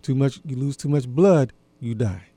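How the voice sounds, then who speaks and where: A man hosting a talk program, musing aloud in a deliberate, folksy way and posing questions to his listeners. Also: medium pitch, warm tone, no room sound. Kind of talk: reflective monologue.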